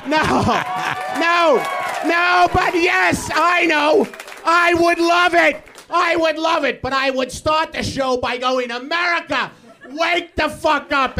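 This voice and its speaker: A male comedian on a live stage, shouting an exasperated, profane rant. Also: very high-pitched. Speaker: comedian guest.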